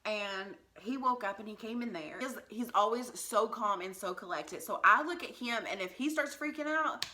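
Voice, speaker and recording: A young woman with a bright, clear voice tells a personal story straight to her viewers. She talks candidly and conversationally, dropping plenty of "like" and "um" as she goes. Her pitch sits in an ordinary middle range. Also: normal speed. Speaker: vlogger.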